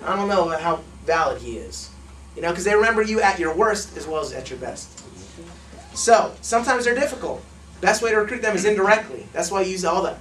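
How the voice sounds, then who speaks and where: A man leading a live sales training for a small group, acting out pitches and laughing often. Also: slight background noise. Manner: fast, animated, acts out sales calls, laughs often. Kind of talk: live training talk with role-played pitches. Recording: echoey room, mic far off.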